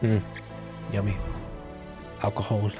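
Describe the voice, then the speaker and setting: A man's voice: fairly low pitch, flat delivery, takes it slowly, over loud music. A man streaming a game, casual and grumbling, swearing freely at what happens on screen. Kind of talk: gaming commentary.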